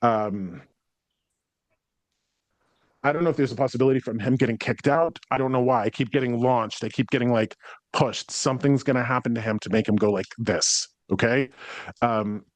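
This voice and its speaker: A man's voice: medium pitch, normal speed, no echo. A man working as a psychic medium, giving a spirit reading to a sitter in a rambling, hesitant way, full of ums and likes, swearing when relaying the spirits.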